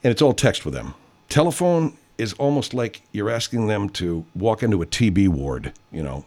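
A man in his sixties hosting a live stream, rambling in profane, animated casual chat. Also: lowish voice, moderate pace.

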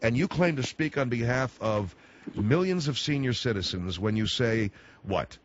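A man's voice: mid-range voice, animated, moderate pace, slight background noise. A man hosting a talk radio show, telling stories with sarcasm and animation and taking calls. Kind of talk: talk radio monologue and call-in. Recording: dull, dry studio broadcast.

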